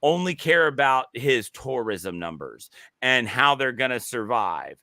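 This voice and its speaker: A man co-hosting a podcast, talking excitedly in casual chat with many restarts and halting phrases. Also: mid-range voice, dry recording, clean studio sound. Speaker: podcast co-host.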